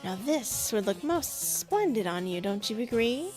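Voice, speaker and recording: A woman voicing a coy, scheming male cobra-man silk merchant who talks slowly and hisses his persuasion. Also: on the high side, sing-song, darkish tone, soft background music. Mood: coaxing. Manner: slow, drawn-out, hissing persuasion.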